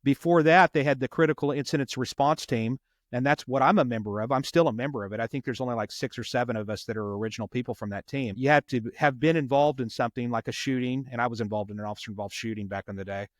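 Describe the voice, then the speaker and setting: A man with a voice of ordinary middle pitch tells a long story in an earnest way and doubles back on his words. The sound is dry and close, with no room around it. He talks like a police officer chatting on a podcast. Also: fast talker, no echo. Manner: earnest, repeats words while retelling a story. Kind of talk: conversational storytelling.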